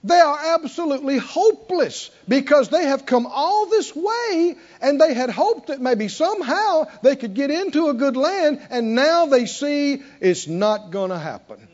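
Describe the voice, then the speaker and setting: High-voiced, animated male preacher. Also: a little slow, few pauses. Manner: animated, emphatic, asks the congregation questions. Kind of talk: sermon. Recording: dull lo-fi recording.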